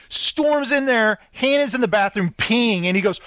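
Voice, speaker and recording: A man retelling a reality-show scene in casual commentary, mocking the people in it and slipping into quick voices for them. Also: high-pitched, a bit bright, dry recording. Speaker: reaction video host.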